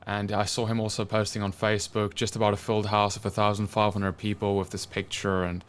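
A man's voice: fairly low pitch, brisk, clear, resonant tone. A man hosting a faith show, commenting earnestly and introducing a guest. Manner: earnest, animated, restarting phrases. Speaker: show host. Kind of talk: casual commentary.

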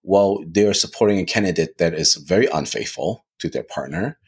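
Man, very low husky voice, casual podcast talk, lots of restarts and "right?". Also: normal speed. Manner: animated, repeats words, lots of "right?". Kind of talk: casual discussion.

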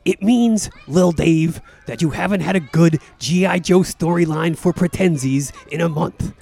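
A man's voice: on the high side, moderate pace, gravelly, a little mellow. A man playing a profane, melodramatic mobster-type in a coma who broods and snarls in an improvised comedy bit. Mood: snarling. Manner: brooding, foul-mouthed, melodramatic.

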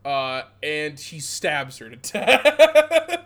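Man, bright forceful voice, slightly high, casual podcast chat, animated storytelling, fillers. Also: very slow. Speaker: podcast co-host. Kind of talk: casual chat, retelling a film.

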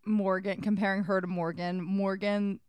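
A woman's voice: mid-range voice, level tone, normal speed, a little mellow, smooth, dry recording. A young woman co-hosting a podcast, talking casually and bluntly with frequent swearing. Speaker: podcast co-host. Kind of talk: casual chat.

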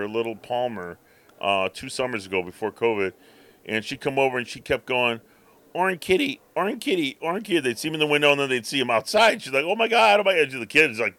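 A man's voice: medium pitch, a bit bright. A man co-hosting a podcast, telling a rambling story in casual chat and acting out his cat's thoughts. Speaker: podcast co-host.

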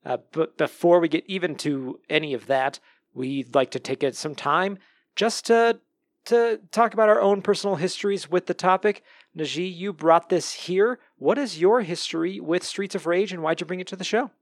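A man hosting a casual podcast with an upbeat, joking manner and an easy laugh. His voice sits fairly high for a man. It is recorded close and dry on a studio mic. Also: moderate pace, no echo. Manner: upbeat and jokey, laughs easily. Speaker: podcast host.

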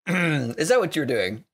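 A man's voice: a little high, big pitch swings, takes it slowly. A man hosting a tabletop gaming podcast, chatting casually with his co-host and guest and laughing easily.

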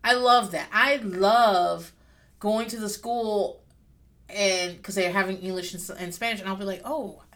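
A woman's voice: on the high side, fairly bright tone. A woman, talking casually as a podcast host recapping a reality show. She swears freely and rambles candidly, with bursts of laughter. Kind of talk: casual chat.

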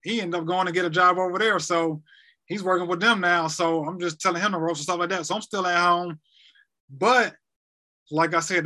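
High-voiced man telling a rambling story. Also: pushed and bright. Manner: rambling, repeats himself, acts out conversations. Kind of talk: casual personal storytelling.

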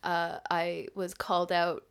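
A woman's voice: fairly low pitch, monotone, takes it slowly, clear, resonant tone. A woman from Canada co-hosting a podcast in casual chat, rambling and laughing often, with a casual habit of swearing. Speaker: podcast co-host.

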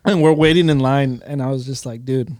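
A man's voice: mid-range voice, steady tone, fairly quick, a little mellow, no echo. Slangy young man, dry studio sound. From Mexican heritage. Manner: slangy, profane, rambling storyteller. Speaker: podcast co-host. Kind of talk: casual chat. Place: podcast studio. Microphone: studio mic.

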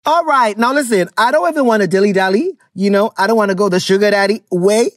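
A woman from Ghana with a Ghanaian accent hosting a casual solo podcast, animated and exclamatory, mixing English with Twi. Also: medium pitch, fast, over music. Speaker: podcast host.

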